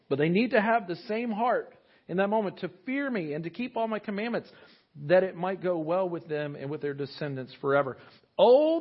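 A man preaching a sermon to his church, animated, with jokey asides and acted-out quotes. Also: sits high, husky, lo-fi sound. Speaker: pastor.

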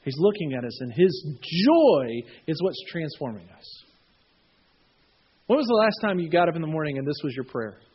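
A husky-voiced male pastor preaching from scripture and telling animated stories. His pitch runs fairly high for a man. The recording sounds dull and lo-fi. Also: moderate pace. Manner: animated storytelling, acting out voices. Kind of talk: sermon.

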